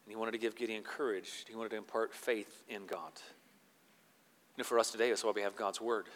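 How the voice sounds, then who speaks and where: A male pastor delivers a sermon in a bright, forceful voice that rings with the long reverb of a big hall. He drops to slow, quiet reflection, then rises to loud, emphatic scripture reading. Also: on the low side, fairly even intonation.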